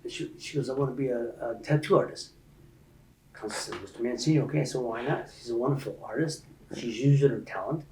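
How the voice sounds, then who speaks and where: A man in his sixties telling stories as a podcast guest, animated and building up loud and high to make his points. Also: fast, roomy sound, slight background noise, poor audio. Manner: animated storyteller, rising loud and high when making a point. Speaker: interview guest. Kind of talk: storytelling in a podcast interview.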